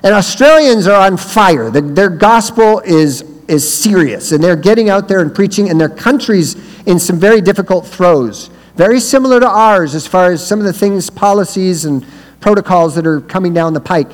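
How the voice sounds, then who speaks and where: A man giving a sermon as a guest speaker, telling a story and breaking into loud shouted quotes. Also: high voice, expressive, normal speed. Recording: reverberant hall.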